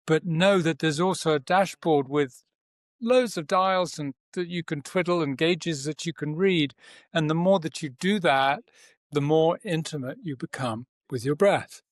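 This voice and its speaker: A man's voice: a little high, dry recording, studio quality. A man, a breathwork teacher and author, explaining at length as a podcast guest, posing rhetorical questions and repeating key phrases.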